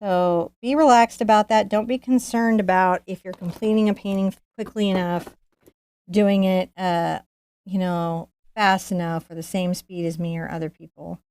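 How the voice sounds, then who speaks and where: A woman's voice: lowish voice, steady tone, normal speed, a little mellow, a little hiss or hum. A woman teaching a live painting lesson, jittery and laughing nervously. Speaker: painting instructor. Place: art studio.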